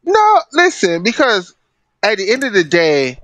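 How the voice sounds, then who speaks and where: A woman's voice: mid-range voice, wildly swooping pitch, unhurried, a bit bright, no room sound. A woman hosting a casual podcast chat over a video call, blunt and playful, with some swearing. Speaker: podcast host.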